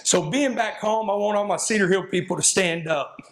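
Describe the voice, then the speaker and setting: A man's voice: high voice, brisk, very noisy. A man, a football coach giving a folksy, emotional, rambling talk to an audience. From Texas. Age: 50s. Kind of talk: speech to an audience.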